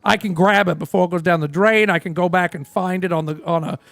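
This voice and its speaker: A man's voice: high voice, fairly even intonation, fast, creaky, a bit bright, no echo. A man playing a crude, boastful rock singer in a roleplay game, telling a rambling story full of fillers. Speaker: roleplay character. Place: game stream from a dry studio.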